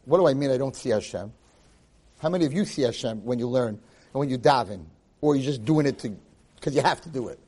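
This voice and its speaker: A man, a rabbi, giving a lively Torah class, acting out quotes and dropping Hebrew phrases into his English. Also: medium pitch, fast talker, breathy edge. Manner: animated, acts out quotes and shouts for emphasis. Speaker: rabbi and teacher.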